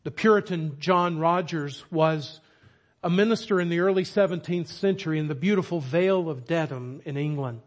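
A man's voice: fairly high pitch, normal speed. A man preaching a sermon, with emphatic, dramatic storytelling. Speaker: pastor.

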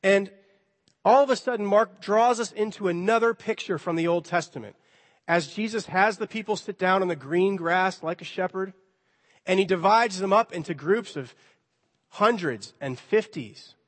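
High-voiced male pastor in echoing hall. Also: moderate pace. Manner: conversational, playfully acts out dialogue. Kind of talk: sermon.

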